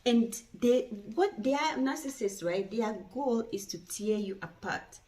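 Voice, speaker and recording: A woman's voice: a little high, lively intonation, a little slow, a little mellow, reverberant, far from the mic. A woman hosting her channel, talking earnestly and repetitively straight to her viewers. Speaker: channel host reacting to a video. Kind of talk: casual commentary.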